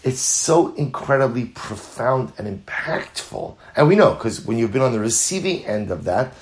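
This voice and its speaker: An earnest man teaching a Talmud class, with a voice of middle pitch. He weaves Hebrew and Yiddish terms into his explanations. He drives his points home by repeating phrases, sometimes rising into lively, louder passages. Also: moderate pace. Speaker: Torah teacher.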